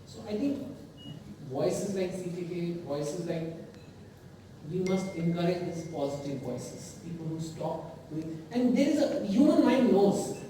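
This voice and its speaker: A man gives a conference talk as an author, animated and emphatic, with conversational asides. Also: high voice, unhurried, background noise. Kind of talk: conference speech. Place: conference hall. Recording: echoey hall, voice from far off.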